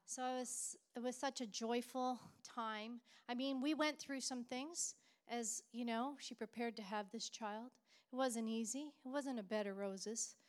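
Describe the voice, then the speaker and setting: A woman's voice: fairly high pitch, measured pace. A middle-aged woman pastor preaching a sermon with fervent, repeated declarations.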